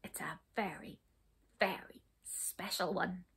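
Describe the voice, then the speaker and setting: A cunning old storybook witch, put on by a woman reading aloud. She speaks low, slow and breathy, coaxing her listeners as though sharing a secret, with a husky edge to every word. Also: steady tone, in a whisper, heavily acted. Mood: sly. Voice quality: hushed, breathy.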